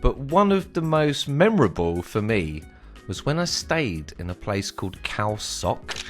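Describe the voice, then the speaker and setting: A man telling a casual, slangy story from his travels on his vlog. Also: fairly low pitch. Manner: animated, slangy, swearing storyteller.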